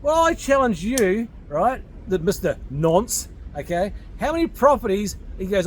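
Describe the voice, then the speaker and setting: A high-pitched Australian man in his forties talks straight to camera in a blunt, combative rant. He speaks off the cuff and swears freely. A faint hum of background noise sits under his voice. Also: sing-song, measured pace, few pauses. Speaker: vlogger. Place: at home in Thailand.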